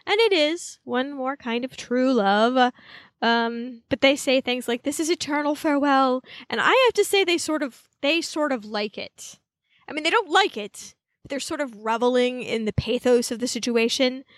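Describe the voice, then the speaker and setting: Female recap co-host, wry and chatty, higher pitch, dry close mic. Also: normal speed, no echo. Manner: chatty, wry, animated retelling. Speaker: podcast co-host. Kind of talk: casual recap chat.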